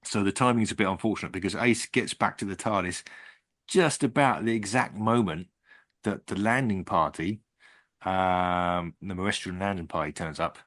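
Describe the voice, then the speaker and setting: A man's voice: deep voice, moderate pace, fairly bright tone, dry recording. A man co-hosting a podcast, recapping the plot in a dry, laid-back casual chat. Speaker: podcast co-host.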